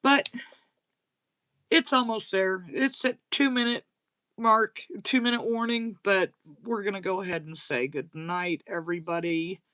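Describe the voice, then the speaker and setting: A woman's voice: mid-range voice, normal speed, a bit bright, dry recording. A woman with a slight Southern US accent hosting a casual livestream chat, reading and answering viewer comments aloud. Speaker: crochet channel host.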